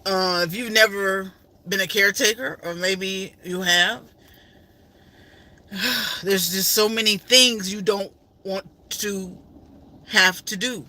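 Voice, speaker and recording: A woman's voice: medium pitch, slow, pauses often, sharp tone. A middle-aged woman vlogger in an emotional, faith-filled personal storytelling style, repeating herself often.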